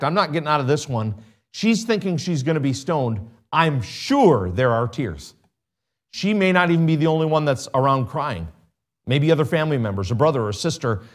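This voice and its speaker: A man preaching a sermon, asking his congregation rhetorical questions and reading scripture in King James wording. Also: medium pitch.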